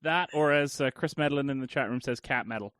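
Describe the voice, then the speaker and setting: A man's voice: mid-range voice, brisk, fairly bright tone, no room sound, studio quality. A man co-hosting a podcast, playful and goofy in casual chat. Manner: goofy, playful, jumps into silly voices. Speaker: podcast co-host.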